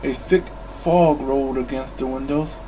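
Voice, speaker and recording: A man reading a bedtime storybook aloud in a calm, measured way. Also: medium pitch, a little hiss or hum, low-quality recording. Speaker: storybook reader.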